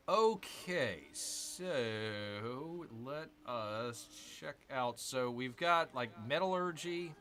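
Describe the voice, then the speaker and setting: A man's voice: mid-range voice, bright, forceful tone. A man hosting a gaming channel, chatting casually through a strategy game, repeating himself and calling viewers "people". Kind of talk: casual let's-play commentary.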